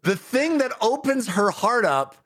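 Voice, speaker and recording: A man's voice: very high voice, sing-song, measured pace, a bit bright. A man co-hosting a casual film discussion, emphatic and incredulous. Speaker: podcast co-host.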